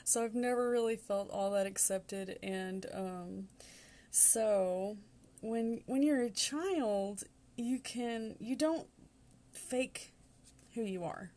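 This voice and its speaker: A woman's voice: on the high side, slow pace, mellow. A talkative woman in her forties with a Southern accent hosts a tarot reading. Her delivery is casual and meandering, and she laughs often as she talks. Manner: chatty, rambling, laughs often. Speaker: tarot reader.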